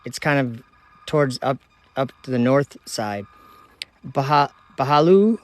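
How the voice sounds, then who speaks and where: A man from Minnesota hosts a casual live stream from outdoors at night, talking into his phone. He reads viewer comments aloud in a relaxed, friendly way and laughs easily as he goes. His voice sits at an ordinary middle pitch for a man. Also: unhurried. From United States (Minnesota). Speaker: livestream host.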